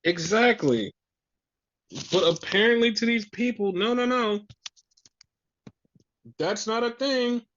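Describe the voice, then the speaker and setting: A man with a high, light voice rants on a podcast, swearing often and sounding exasperated. The audio is muffled and lo-fi. He talks in loose, casual chat. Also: slow pace, pauses often, fairly bright tone. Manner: profane, exasperated ranting. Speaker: podcast host. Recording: dull lo-fi audio.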